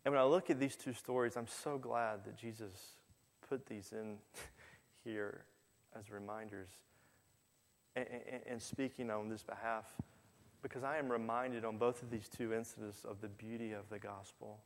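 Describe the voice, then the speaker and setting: A man's voice: lowish voice, steady tone, normal speed. A man preaching a sermon, retelling stories and acting out quoted figures with a rising voice. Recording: long hall reverb.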